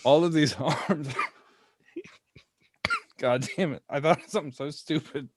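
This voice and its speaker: A man's voice: on the high side, measured pace, background noise. Joking man at a gaming table. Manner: excitable, joking. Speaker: player. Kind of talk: casual tabletop game chat.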